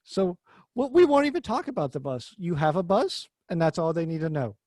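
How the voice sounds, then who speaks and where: A man's voice: a little high, sing-song, fairly quick, darkish tone, no room sound. A man hosting a podcast, talking cars in a rambling, jokey way and swearing casually. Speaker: podcast host. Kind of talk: casual car chat.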